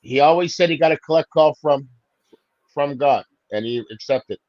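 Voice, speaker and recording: A man's voice: fairly high pitch, moderate pace, darkish tone, dry recording. A man joining a casual talk as a guest, joking and laughing. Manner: jokey, laughs, many agreeing yeahs. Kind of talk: casual chat. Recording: dull dry call audio.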